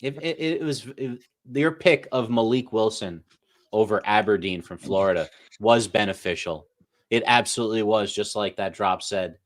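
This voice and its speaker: A man's voice: on the low side, normal speed. A man hosting a casual sports talk show, playful and hyped, with mock-grand praise. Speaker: host.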